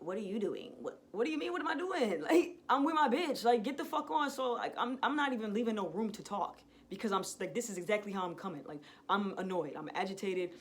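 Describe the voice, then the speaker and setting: A young adult woman vlogger in a casual storytime, retelling events in a profane, slangy, animated way. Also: medium pitch, a little hiss or hum.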